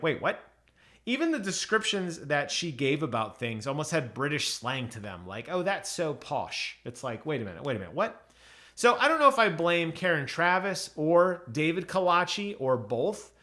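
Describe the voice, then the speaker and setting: A man's voice: fairly high pitch, fairly bright tone. A man casually reviewing an audiobook on his channel, chatty, with many ums and restarts.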